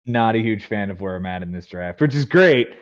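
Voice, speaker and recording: A man's voice: fairly low pitch, expressive, a little fast, lo-fi sound. A man hosting a podcast, chatting casually and announcing picks with rising emphasis. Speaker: podcast host running a fantasy baseball draft. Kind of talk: casual chat.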